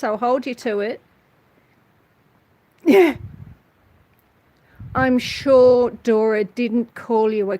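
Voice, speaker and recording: A woman's voice: fairly high pitch, darkish tone. An Australian woman hosting a casual livestream from her outdoor verandah, chatty and a little nervous as she greets viewers by name. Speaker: homestead channel host. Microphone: phone.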